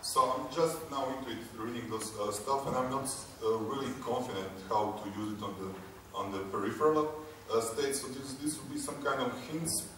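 A man from Croatia giving an academic conference talk, hesitant and halting, with many fillers. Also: medium pitch, a bit bright. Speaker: conference speaker. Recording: echoey hall, distant mic, background noise.

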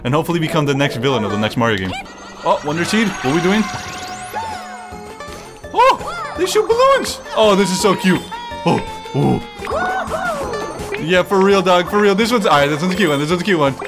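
A man with a rather high voice that swings widely in pitch, narrating his game with excitable jokes and frequent swearing. He talks back to the screen as he plays, with game music running clearly behind him. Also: rapid-fire. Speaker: gaming streamer. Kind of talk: let's play commentary.

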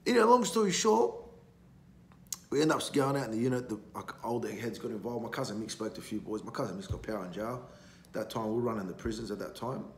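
A gravelly-voiced man talks in a blunt, rambling, swear-laden way as a podcast guest. His voice sits in a roomy space with a faint hiss of background noise. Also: on the low side, animated, fast talker. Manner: blunt, heavily profane, rambling. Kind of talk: casual storytelling.

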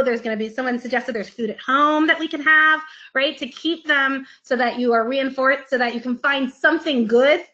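A high, bright woman's voice gives an animated psychology lecture to students, lively and playful as she asks them questions. The sound is a little dull and lo-fi. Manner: lively, playful, acts out screaming child voices. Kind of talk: live online class lecture.

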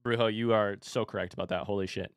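A man's voice: fairly low pitch, steady tone, fast talker, no echo, studio quality. Chatty young man streaming a game. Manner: chatty, talks to chat, swears casually. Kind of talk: casual live-stream gaming commentary.

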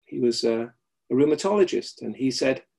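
A middle-aged man with a gravelly, slightly husky voice teaches over a video call. He speaks reflectively and often repeats a key phrase for emphasis. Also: mid-range voice, animated, normal speed, a little mellow. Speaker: Alexander Technique teacher. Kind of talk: webinar lecture with anecdotes.

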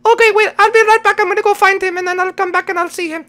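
Squeaky, shrill game character. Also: male voice, fairly even intonation, rapid-fire, pushed and bright. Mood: chirpy. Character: squeaky high-voiced excitable character. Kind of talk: Minecraft role-play.

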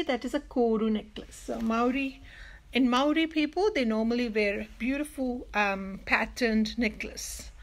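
A woman childcare educator reading a picture book aloud to young children, pausing to explain words. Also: on the high side.

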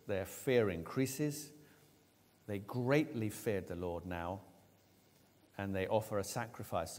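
A man preaching a sermon, retelling a story with lively, acted-out voices for the characters. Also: on the low side. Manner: animated storytelling, acting out quoted lines. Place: church. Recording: long church reverb.

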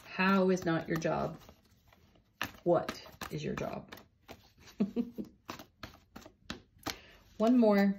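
A woman giving a spiritual tarot and oracle card reading, gentle and encouraging, laughing softly between cards. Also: on the low side, drawn-out words, vocal fry, pauses often, slight background noise.

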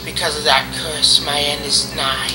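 A man's voice: on the high side, level tone, over music, close to an everyday voice, low-quality recording. A man putting on a dying ancient tree spirit. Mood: solemn. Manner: stiff, halting, old-fashioned solemn delivery with slips. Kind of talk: amateur game dub.

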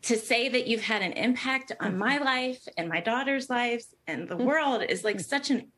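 A woman's voice: a little high, normal speed, a bit bright. A woman in her mid-thirties, a fan speaking on a video call, emotional and fighting back tears. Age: 30s. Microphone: remote video call.

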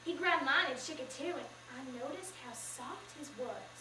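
A teenage girl performing a memorized story in the first person, with expressive, measured narration, in a school auditorium. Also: high-pitched. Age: teens. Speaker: student performer. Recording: echoey room, from far off, faint noise.

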